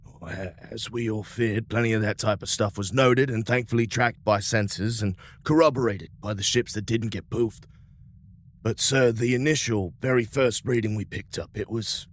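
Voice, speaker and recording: A man's voice: on the low side, no room sound. A man speaking in character as a deferential officer in a tabletop game, with frequent hesitations. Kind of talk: in-character tabletop role-play.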